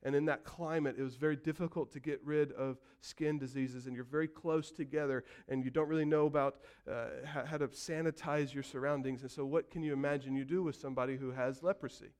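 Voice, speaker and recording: A man preaching a sermon, telling the story vividly and acting out voices, building from quiet to loud calls. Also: a little high, fairly even intonation, brisk, hardly any pauses. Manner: storytelling preacher, acts out quotes and builds to shouts. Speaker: pastor.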